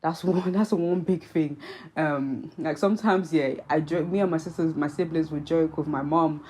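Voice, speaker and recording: A young woman vlog host with a Nigerian accent touched by British speech, talking to camera in an earnest, reflective way with many pauses and ums. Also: deep voice, fairly even intonation, a little mellow, slightly rough, poor audio. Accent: Nigerian with British influence. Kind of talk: casual commentary to camera.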